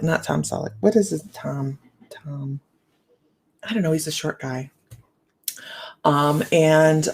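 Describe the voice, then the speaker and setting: A woman's voice: low voice, vocal fry. A middle-aged woman hosting a live stream, chatting and telling a story with many fillers and restarts, her words a little slurred from a sore jaw. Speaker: psychic livestream host. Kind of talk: casual live-stream chat.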